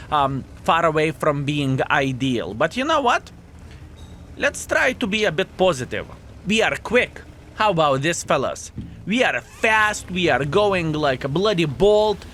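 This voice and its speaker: A man commentating his own video game match to viewers, animated and self-mocking, calling them fellas, with slightly non-standard English phrasing. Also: fairly high pitch, a little hiss or hum. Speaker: video game player and channel host. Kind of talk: live gameplay commentary.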